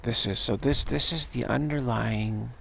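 An older man with a gravelly, husky voice gives a meditative spiritual teaching, speaking haltingly with frequent restarts and pauses. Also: mid-range voice, fairly bright tone, slight background noise.

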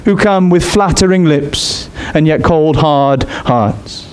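A male preacher with a fairly high voice gives an expressive sermon. He pushes his pitch upward when he presses a point, then settles back down to explain. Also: takes it slowly, smooth.

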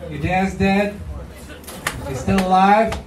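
A man performing a stand-up comedy set in a slow, deadpan manner, taped live in a club. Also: sits high, roomy sound, far from the mic, background noise.

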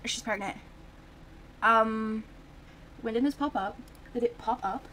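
A woman's voice: fairly high pitch, slow, a bit bright, a little hiss or hum, poor audio. A woman giving casual, rambling gameplay commentary, full of fillers and restarts. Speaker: gaming video creator.

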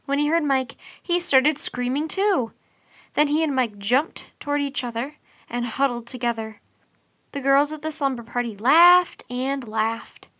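A woman reads a children's bedtime storybook aloud, lively and expressive. Her voice is bright and sits a little high. The sound is dry and close. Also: moderate pace, dry recording.

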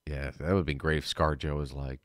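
A man's voice: rumbling low, level tone, fast talker, fairly bright tone. A young man hosting a casual let's-play, joking and swearing in a laid-back way. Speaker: host. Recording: game music playing behind.

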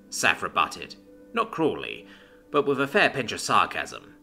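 A male narrator reads a fantasy story with a bright, forceful tone. His pitch swings widely and animatedly, and soft music plays behind him. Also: measured pace, gravelly. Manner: expressive storytelling. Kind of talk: scripted narration.

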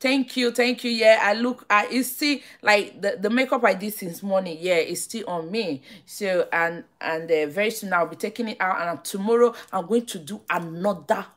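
A woman with a Nigerian accent telling a story on a live stream, animated and repetitive, stopping to greet viewers by name. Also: mid-range voice, moderate pace, hardly any pauses. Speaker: vlogger.

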